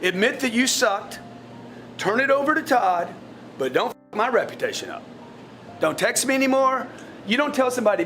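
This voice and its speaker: A man with a fairly high-pitched voice lectures a room of salespeople in a blunt, profane way. He stumbles over repeated words as he pushes his point, and a faint hiss sits under the recording. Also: animated, moderate pace, sharp tone. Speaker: sales team leader coaching his staff. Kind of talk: blunt motivational coaching talk to a team. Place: in front of a live group of staff.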